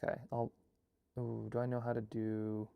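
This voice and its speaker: A man hosting a casual live chat, brainstorming a story in an excitable, rambling way, full of fillers and restarts. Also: mid-range voice, normal speed, vocal fry, clear, resonant tone, phone-quality sound. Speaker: host and filmmaker.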